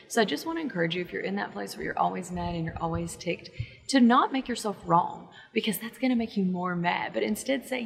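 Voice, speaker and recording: A woman's voice: mid-range voice, creaky, fairly bright tone, breathy edge, big-room sound. A woman in her thirties, a parent coach, giving casual, emphatic and encouraging advice straight to camera. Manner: encouraging, emphatic, quotes inner thoughts.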